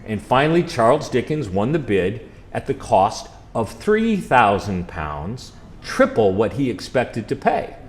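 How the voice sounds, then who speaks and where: A man's voice: medium pitch, big pitch swings, unhurried, a little hiss or hum. A man, a college chaplain, telling stories over slides and quizzing a live audience in a chatty way. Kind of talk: slide-show trip presentation.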